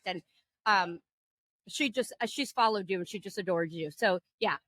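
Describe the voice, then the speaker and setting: A jet-lagged woman co-hosting a podcast, chatting casually and telling animated, profane stories. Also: on the high side, moderate pace, no room sound. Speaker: podcast co-host. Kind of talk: casual chat. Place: indoors at a table.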